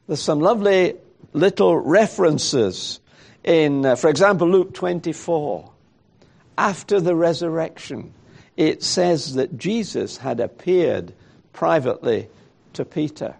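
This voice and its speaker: A man's voice: fairly high pitch, animated, unhurried, gravelly, a little mellow. A man preaching a sermon in a reflective way, thinking aloud and asking rhetorical questions.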